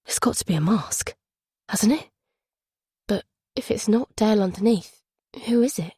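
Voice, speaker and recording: A woman's voice: mid-range voice, normal speed, mellow, breathy edge, no echo, studio quality. A woman doing a shaken, drunk young man. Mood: uneasy.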